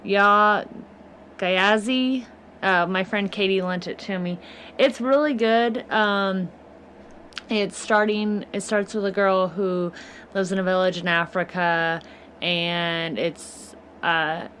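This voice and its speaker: A woman's voice: mid-range voice, steady tone, takes it slowly, fairly bright tone, slight background noise. A woman co-hosting a podcast, chatting casually and easily amused. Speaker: podcast co-host. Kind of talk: casual chat.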